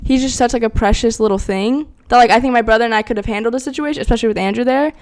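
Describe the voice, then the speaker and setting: Young woman, high voice, animated storyteller, casual podcast chat. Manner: animated, fast storytelling with many fillers. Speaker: podcast co-host.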